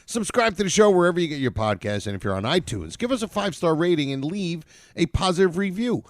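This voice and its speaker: A man co-hosts a casual podcast, his voice animated and bouncing in pitch. He rambles through plugs and banter with fillers, recorded dry and close. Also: fast, no room sound. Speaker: podcast co-host.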